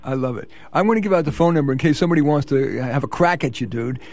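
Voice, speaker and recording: A man with a New York accent hosting a radio interview, teasing and energetic with his guest. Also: mid-range voice, quick pace, no echo. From the Bronx, New York. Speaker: radio show host.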